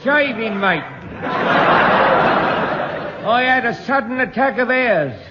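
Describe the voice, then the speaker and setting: A man's voice: extremely high pitch, animated, slow, big-room sound, over a noisy crowd, full character voice. An actor playing a blunt, cheeky common man in a 1950s radio comedy. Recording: muffled old radio broadcast with hiss.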